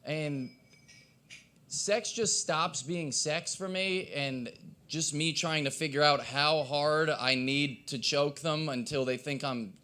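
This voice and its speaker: A man doing a stand-up set at an open mic, with a hoarse, cracking voice and a rambling, self-deprecating delivery. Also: on the high side, takes it slowly, sharp tone. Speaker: stand-up comedian. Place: live open mic in a coffee shop.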